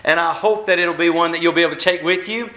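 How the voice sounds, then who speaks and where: Here the man talks quickly, his slightly high voice pushed and bright. Walking as he goes, he delivers a folksy, self-effacing sermon in a chatty style, captured in a reverberant church hall.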